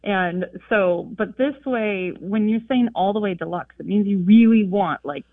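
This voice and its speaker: A woman's voice: mid-range voice, measured pace, no room sound. A woman calling in to a radio show, talkative and emphatic, often quoting herself. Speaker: caller. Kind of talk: phone-in chat. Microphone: telephone. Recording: tinny phone line.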